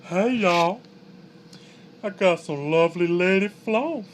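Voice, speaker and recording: A man's voice: high-pitched, slow pace, a little hiss or hum. A man voicing a flamboyant eye-stalked jellyfish monster with an effeminate Southern drawl. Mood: gossipy. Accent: Southern US (put on). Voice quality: drawling, effeminate, sing-song.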